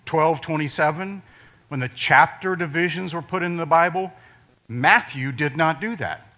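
An older man from Ohio, USA preaches a sermon conversationally, his voice on the high side at a moderate pace. He suddenly drops to quiet emphasis on key words.

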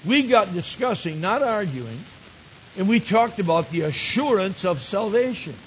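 A man's voice: high voice, big pitch swings, measured pace. An older man preaching a sermon, telling stories and rising to emphatic exclamations. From Michigan. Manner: storytelling, builds to emphatic exclamations. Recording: dull lo-fi recording with faint hiss.

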